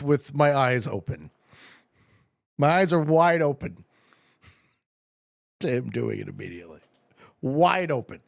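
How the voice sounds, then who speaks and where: A man's voice: on the high side, creaky, no echo, clean studio sound. A man streaming a strategy game live, commenting on his moves, laughing and chatting with his viewers.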